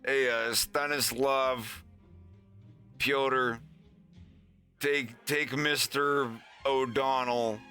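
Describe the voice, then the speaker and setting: A man's voice: medium pitch, fairly even intonation, extremely slow, long pauses, bright, forceful tone, faint music behind, pitched above the performer's own voice. A man voicing a middle-aged Polish crime boss father, brusque and talking down to others. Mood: dismissive.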